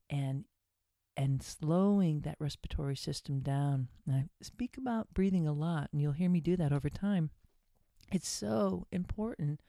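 A woman's voice: sits low, warm tone, no room sound, clean studio sound. A middle-aged woman hosting a podcast, chatting casually while guiding relaxation and breathing exercises. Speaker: podcast host. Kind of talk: casual wellness talk.

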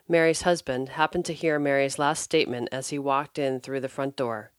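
A woman reading a short example scenario aloud in an even storytelling manner. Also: very deep voice, normal speed, hardly any pauses, no room sound, studio quality. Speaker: story reader.

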